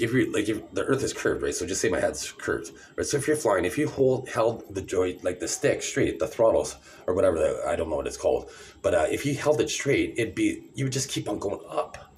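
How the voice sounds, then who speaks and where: Profane ranting man, low voice. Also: darkish tone, a little hiss or hum. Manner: profane, ranting, sarcastic, condescending. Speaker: vlogger. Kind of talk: rambling angry monologue to camera.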